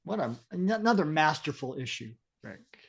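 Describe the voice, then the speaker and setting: Gravelly man co-hosting a podcast. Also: a little high, sing-song. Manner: halting, with fillers and restarts. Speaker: podcast co-host. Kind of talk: casual comic book chat.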